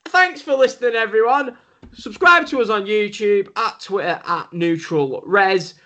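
A man's voice: sits high, unhurried, pushed and bright. A man hosting a wrestling podcast, chatting casually with jokes at his own expense and plenty of swearing. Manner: joking, self-mocking, swears freely.

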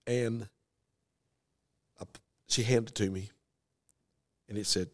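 A man's voice: on the low side, fairly even intonation, slow pace, no echo. A middle-aged preacher, telling a story from his own life in an earnest, folksy way. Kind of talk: dramatic storytelling testimony.

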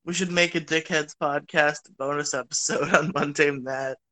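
A man's voice: on the high side, fairly even intonation, normal speed, sharp tone. A man co-hosting a podcast in casual chat, laid-back, giving short replies. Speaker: podcast co-host.

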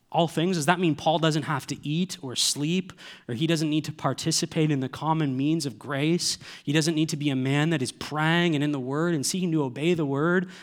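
Earnest pastor preaching. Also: male voice, on the high side. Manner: earnest preaching with rhetorical questions. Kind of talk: sermon.

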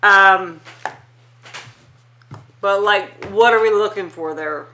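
A woman's voice: mid-range voice, takes it slowly, sharp tone, slight background noise. A woman co-hosting a podcast from her dining room, opinionated and playfully argumentative, swearing freely in casual chat. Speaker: podcast co-host.

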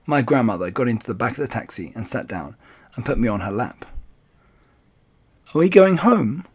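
A man narrating a children's storybook aloud in an expressive, animated way. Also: fairly low pitch, fast, husky. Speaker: audiobook reader.

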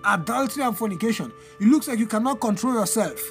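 A man's voice: sits high, lively intonation, fast talker, soft background music. A male pastor delivering a fervent deliverance sermon, repeating phrases in a sing-song preaching cadence.

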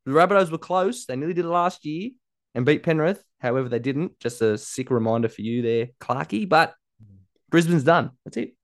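Speaking at a moderate pace with a fairly high pitch, a man co-hosts a relaxed rugby league chat podcast. He's argumentative yet playful, laughing often as he goes through the results.

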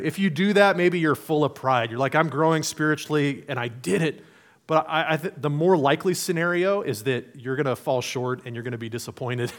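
A man preaching a sermon in a conversational, playful way, acting out imagined voices. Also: medium pitch. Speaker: pastor.

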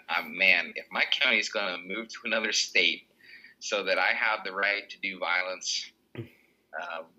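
A man co-hosting a podcast, chatting in an earnest, animated way. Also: low voice, lo-fi sound. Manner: earnest, animated, slips into impressions. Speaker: podcast co-host. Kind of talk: casual chat.

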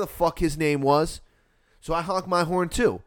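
A man telling a story in casual chat, animated and profane, acting out the people in it. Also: fairly high pitch, unhurried. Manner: animated, profane, acts out voices in his story.

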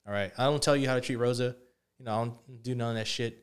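A young man talks fast in a loose, rambling way, swearing constantly as he tells stories. His pitch sits in an ordinary middle range for a man. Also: steady tone. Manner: profane, rambling storytelling. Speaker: podcast co-host. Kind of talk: casual chat.

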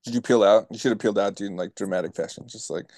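A man's voice: lowish voice, racing, darkish tone, no echo. A man co-hosting a casual podcast, laughing and asking teasing questions. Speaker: podcast co-host. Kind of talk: casual chat.

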